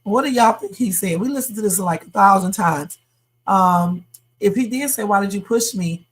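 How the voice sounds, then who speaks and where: A woman's voice: medium pitch, moderate pace, husky. A woman hosting a live stream, chatting casually and thinking aloud as she replays clips.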